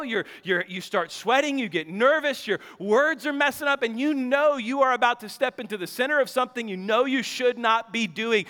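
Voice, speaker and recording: A man in his thirties, a pastor preaching a sermon with storytelling, animated, laughing often, his voice jumping high when excited. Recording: long hall reverb.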